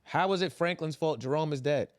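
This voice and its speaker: A young adult man on a podcast, recapping a TV finale in casual, profane, animated chat and acting out quotes. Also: fairly high pitch, brisk, dry recording, clean studio sound. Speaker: podcast co-host.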